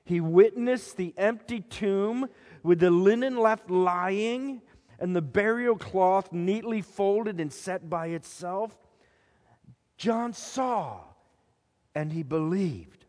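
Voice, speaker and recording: A man preaching a sermon, dramatically retelling a scripture story and swinging between hushed and emphatic delivery. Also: sits high, takes it slowly, big-room sound.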